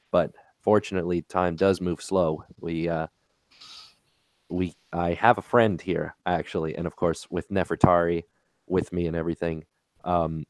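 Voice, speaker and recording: A man playing a tabletop game, describing his character's actions in a hesitant, halting way. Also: sits low, little pitch movement, darkish tone, no room sound. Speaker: player.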